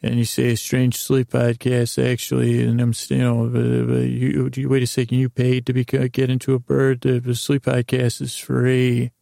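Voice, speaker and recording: A man telling a meandering, improvised sleep story, halting often with ums and restarts. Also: medium pitch, completely flat delivery, creaky, warm tone, dry recording, studio quality. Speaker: podcast host.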